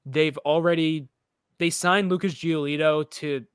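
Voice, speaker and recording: A man's voice: a little high, steady tone, unhurried, a bit bright, smooth, no echo, clean studio sound. A young man from the United States co-hosting a casual sports chat, opinionated and rambling, often restarting his sentences. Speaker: podcast co-host.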